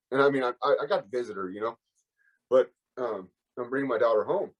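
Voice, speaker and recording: A man's voice: medium pitch, fairly quick, low-quality recording. A man giving a candid, emotional personal recovery share as a workshop speaker, rambling and full of fillers.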